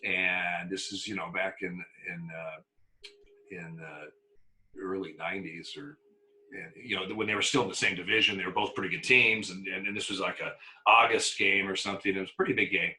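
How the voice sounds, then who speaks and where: A man's voice: deep voice, steady tone, moderate pace, bright, forceful tone, poor audio. An older man who is a former umpire, telling stories in a casual interview with lots of animation, frequent laughter and repeated words.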